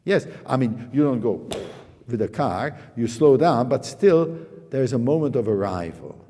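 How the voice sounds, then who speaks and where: Loud piano rings out in a reverberant hall as a male teacher works with a student during a master class. He has a medium-pitched voice with lively intonation at normal speed, speaking emphatically and singing phrases on "pa" and "da."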